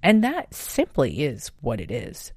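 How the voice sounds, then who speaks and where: A woman's voice: very deep voice, wildly swooping pitch, unhurried, darkish tone, no echo. A woman hosting a podcast, speaking in an earnest, emphatic monologue and swearing now and then for emphasis. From United States. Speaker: podcast host. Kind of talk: impassioned monologue.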